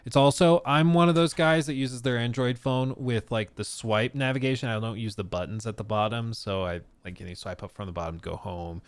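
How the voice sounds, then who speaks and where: A man's voice: mid-range voice, brisk, hardly any pauses, clean tone, no room sound. A man hosting a live stream, chatting casually and laughing often. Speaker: streamer host.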